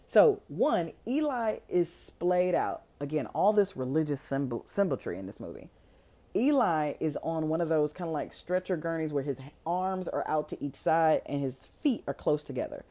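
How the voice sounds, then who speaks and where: A woman hosting a podcast, recapping a movie in a casual, slangy way, full of "like" and lively asides. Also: sits low, normal speed. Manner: animated, filler-heavy, slangy storytelling. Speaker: podcast host.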